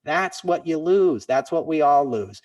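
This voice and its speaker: A man's voice: on the high side, lively intonation, measured pace, darkish tone, far from the mic. A man hosting a podcast in casual chat, talking in an earnest, impassioned way that sounds like a pep talk. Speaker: podcast host.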